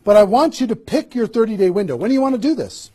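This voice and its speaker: A man giving an energetic motivational seminar talk as a network marketing trainer, firing rhetorical questions at his audience. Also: sits high, fast.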